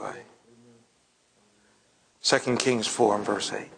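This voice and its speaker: A man preaching, telling a personal story and often dropping to a hushed, breathy near-whisper. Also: mid-range voice, moderate pace, a crowd in the background, poor audio. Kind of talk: storytelling sermon.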